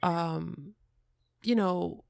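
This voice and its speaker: A woman hosting a podcast interview, her voice sitting low with a gravelly fry. She speaks thoughtfully and with many hesitations. The sound is dry and close. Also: steady tone, very slow, darkish tone, dry recording. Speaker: podcast host. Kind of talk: interview conversation.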